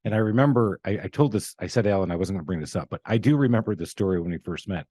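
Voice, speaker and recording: A man's voice: deep voice, animated, racing, warm tone, dry recording. A middle-aged man hosting a casual business podcast in a studio, joking and laughing with his guests. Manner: joking, laughing, loose banter. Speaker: podcast host.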